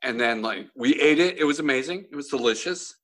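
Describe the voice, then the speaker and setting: A man's voice: medium pitch, expressive, fairly quick, a bit bright. A man on a podcast, telling a story in casual chat, swearing and laughing often. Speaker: podcast host.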